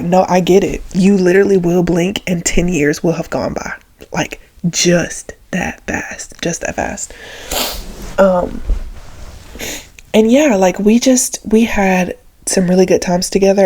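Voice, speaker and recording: A woman's voice: fairly low pitch, mellow. Chatty woman telling family stories. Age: 20s. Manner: chatty, filler-heavy, emotional. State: tearful. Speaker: vlogger. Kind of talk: personal storytelling vlog.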